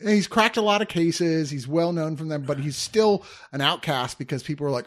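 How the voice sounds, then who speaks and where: A man's voice: fairly high pitch, a little fast, hardly any pauses. A man co-hosting a casual movie podcast, talking loosely with lots of fillers and teasing his co-host. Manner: laid-back, teasing, many fillers. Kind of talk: casual film review chat.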